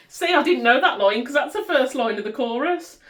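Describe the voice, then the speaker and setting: A budgeting vlogger from England's West Midlands, speaking with a Black Country accent, chats casually while cash stuffing. Her high voice is fairly bright with lively intonation at normal speed, and she laughs at herself and hums tunes as she sorts the money.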